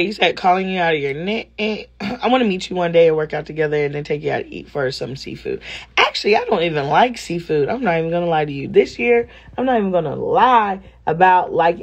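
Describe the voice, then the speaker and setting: A woman's voice: on the low side, lively intonation, fairly quick, lo-fi sound. A woman vlogger chatting casually and expressively straight to her viewers. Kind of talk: casual vlog chat to viewers.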